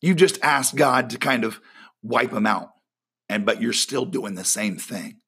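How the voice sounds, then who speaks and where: A man's voice: mid-range voice, animated, measured pace, pushed and bright, slightly rough. A man preaching a sermon in an earnest, emphatic way, repeating key phrases and now and then poking fun at himself.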